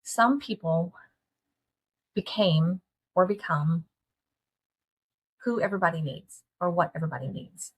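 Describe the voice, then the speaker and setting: A middle-aged woman talks straight to her listeners, earnest and folksy. Her voice sits on the low side and has a husky grain, and she keeps asking her audience direct questions. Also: measured pace, long pauses. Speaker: podcast host. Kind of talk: candid solo talk to listeners.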